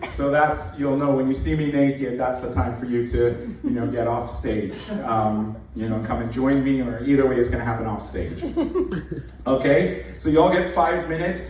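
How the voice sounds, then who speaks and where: A man's voice: medium pitch, normal speed, darkish tone, a little hiss or hum. A man compering a stand-up night, talking in a loose, self-mocking way with many halts. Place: comedy club. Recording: echoey club from far off.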